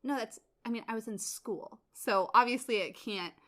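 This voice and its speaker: A woman's voice: a little high, normal speed, fairly bright tone. A young woman co-hosting a podcast in casual chat, chatty and self-mocking. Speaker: podcast co-host.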